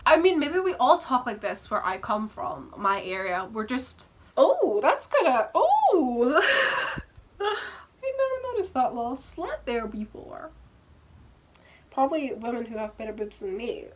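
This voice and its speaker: A woman in her twenties with a soft southwest Scottish accent, chatting to camera in a bubbly, rambling and self-mocking way with frequent laughs. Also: on the high side, big pitch swings, normal speed. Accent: southwest Scottish, softened. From Scotland. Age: 20s. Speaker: book vlogger. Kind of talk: casual chat to camera.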